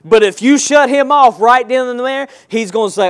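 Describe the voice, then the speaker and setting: A man preaching a sermon, calling on the congregation to answer back and stressing points with slow, emphatic delivery. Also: sits high, lively intonation, smooth. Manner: call-and-response preaching, rising to emphatic shouts.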